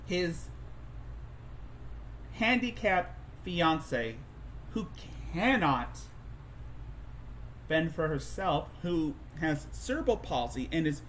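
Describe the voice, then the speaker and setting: A man's voice: a little high, very animated, slow, pauses often, fairly bright tone, slight background noise. A man hosting a commentary stream, talking in a sarcastic, mocking way with stumbling restarts. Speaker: streamer host.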